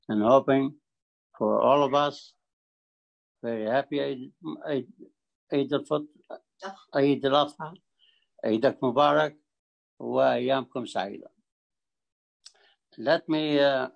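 Halting older man with a gravelly voice. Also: medium pitch, low-quality recording. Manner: halting, repeats words, emphatic. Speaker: community forum speaker. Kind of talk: speech at a community forum.

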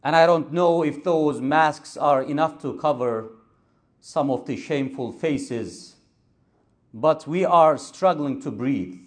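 A man delivering a Friday sermon as an imam, measured and emphatic, building on repeated phrases. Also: on the high side. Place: mosque.

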